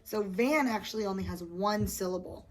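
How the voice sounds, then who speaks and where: A woman's voice: medium pitch, normal speed. A woman teacher leading a small group of young children through a lesson, patient and encouraging, praising them often. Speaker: elementary school teacher. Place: classroom with children. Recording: noisy classroom with children's chatter.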